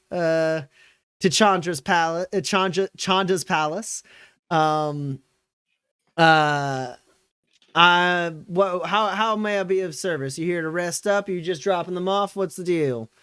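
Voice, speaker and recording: Guy doing a high folksy old lady innkeeper, smooth and dry, y'all-type hospitality. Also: slow pace, fairly bright tone, no echo. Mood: welcoming. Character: gracious old woman innkeeper, early seventies, fanning herself.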